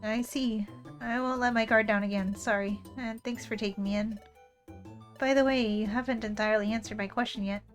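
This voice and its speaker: A lonely psychic creature, grieving but gentle and protective, read aloud by a woman. The voice sits a little high and speaks softly and earnestly. Faint game music plays underneath. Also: steady tone, brisk, close to an everyday voice. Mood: curious. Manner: earnest, soft-spoken reading of game dialogue. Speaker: streamer reading game lines. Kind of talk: reading game dialogue aloud.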